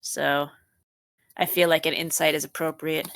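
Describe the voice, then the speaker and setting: A woman's voice: low-pitched, level tone, normal speed, creaky, a bit bright. A woman playing a tabletop game, talking casually, thinking aloud and asking about the rules. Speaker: player.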